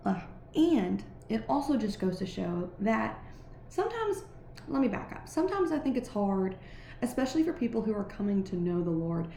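A woman speaks in an earnest, conversational devotional reflection, her tone mellow and unhurried. She leans on fillers like "like" and "right" as she works through her thoughts. The recording sits in a reverberant room with a faint hum of background noise. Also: medium pitch, sing-song, creaky.

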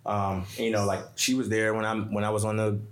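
Low-voiced man telling a story casually. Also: flat delivery, brisk, echoey room, a crowd in the background. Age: adult with a young son. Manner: loose, repeats words, quotes friends in slang. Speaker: podcast guest.

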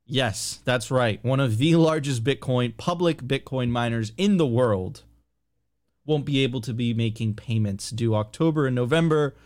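A man's voice: mid-range voice, moderate pace. A man co-hosting a casual finance chat, reading news aloud and laughing in disbelief. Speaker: co-host.

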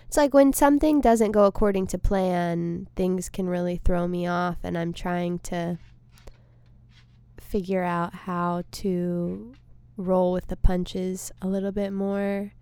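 A woman's voice: medium pitch, measured pace, clean tone, no echo. A woman hosting her podcast alone, a comedian rambling in a casual, self-deprecating and emotional way from her studio. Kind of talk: casual solo monologue. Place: studio space.

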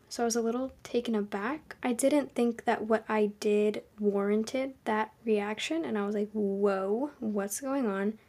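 A young woman hosting a podcast, giving advice in a calm, earnest, conversational monologue. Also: on the high side. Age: young adult. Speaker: podcast host.

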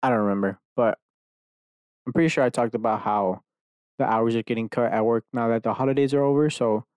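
A young host from Dallas, Texas, USA, runs a casual solo podcast, rambling, swearing a lot, and interrupting himself with many restarts and fillers. His mid-range voice is steady, darkish, clear and resonant, and he talks fairly quickly. There's no echo, though the audio is dull.

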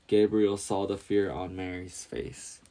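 A man narrating a storybook tale in a steady, measured reading. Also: sits low.

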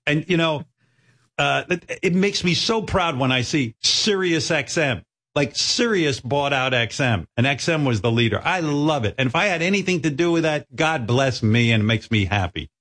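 Lively-voiced male radio host, rambling. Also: fairly high pitch, normal speed. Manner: rambling, profane, self-mocking storytelling. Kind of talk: casual studio banter. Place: radio studio.

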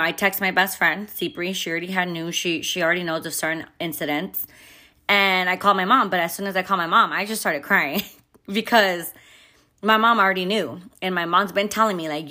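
A young woman and mother telling a personal story in a candid, expressive way, swearing freely. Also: lowish voice, brisk. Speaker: vlogger and mother. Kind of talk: casual storytime.

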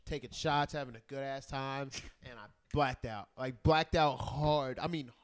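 A young man from Maryland, a podcast co-host, telling a profane, animated story in casual chat and acting out the quotes. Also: mid-range voice, a little slow.

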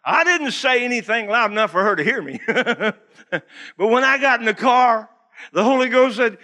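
Male preacher, high and bright, folksy humor, laughs a lot. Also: expressive, normal speed. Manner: folksy, joking, laughs often. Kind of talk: humorous sermon. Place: church.

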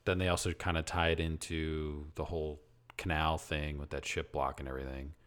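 A man's voice: rumbling low, little pitch movement, fairly quick, a bit bright, clear, resonant tone. A man co-hosting a podcast in casual chat, speculating and trailing off into half-remembered facts. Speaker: podcast co-host.

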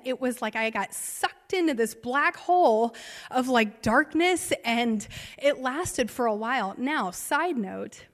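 A woman's voice: on the high side, animated, slow. A woman in her thirties, a pastor, telling a personal story in a sermon with emotional swings. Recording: long reverb of a large hall.

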